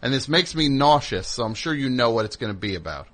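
A man's voice: medium pitch, fast. Rambling sarcastic male radio host. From New Jersey. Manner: rambling, sarcastic, deadpan storytelling. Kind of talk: comic call-in show monologue.

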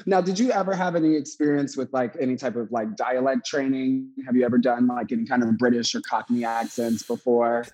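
A man co-hosting a casual chat, bantering quickly, laughing often and tossing in playful asides. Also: mid-range voice, steady tone, mellow, rough recording.

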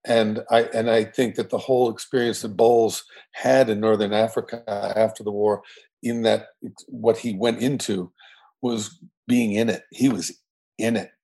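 Low husky older man, reflective. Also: flat delivery, normal speed, dark tone. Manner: reflective, theatrical, slips into a mock Southern drawl. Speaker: guest actor. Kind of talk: casual interview chat.

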